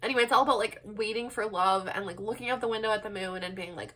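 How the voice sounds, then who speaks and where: A young woman doing a casual pick-a-card tarot reading, rambling and excitable with many "like"s and "um"s. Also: medium pitch, quick pace, hardly any pauses. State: laugh-crying. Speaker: tarot reader.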